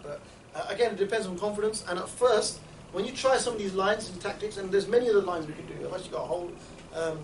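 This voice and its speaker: A man leads an informal training session, his voice high and quick, full of banter. He sounds distant from the mic, with noticeable room echo and background noise. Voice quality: animated, joking, acts out street exchanges. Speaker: dawah trainer. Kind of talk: informal training talk to a group.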